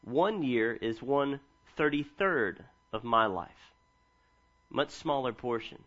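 In a muffled recording, a man in his thirties takes his time, speaking slowly at medium pitch. He's a pastor preaching a sermon, reading from scripture and recounting humorous family moments in an animated way.

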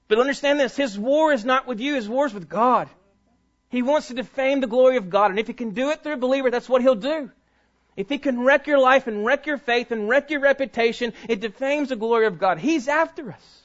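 A man preaching a sermon in a church, reading scripture aloud to his congregation with emphatic swings between loud peaks and hushed drops. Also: extremely high pitch. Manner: reads scripture aloud and speaks directly to the congregation. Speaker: pastor. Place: church sanctuary before a congregation. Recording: dull, muffled recording.

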